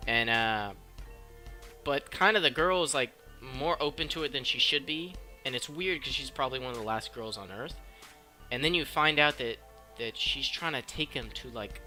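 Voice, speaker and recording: Young man, casual movie-review vlogger; profane and excitable, tense bright tone, faint music behind. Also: mid-range voice, normal speed.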